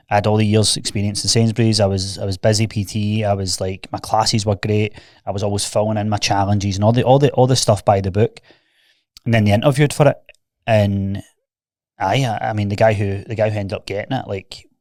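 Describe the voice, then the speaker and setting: A man's voice: fairly low pitch, a little mellow, no echo, studio quality. A young Scottish man, a fitness coach and podcast guest, telling candid stories in a casual chat and peppering them with "mate".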